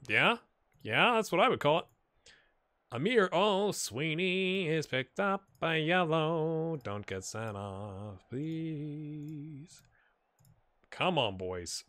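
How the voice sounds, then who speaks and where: A man giving casual, animated commentary while playing a football management game, cheering on and talking to his players. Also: fairly high pitch, no room sound. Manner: animated, talks to his players, puts on silly voices.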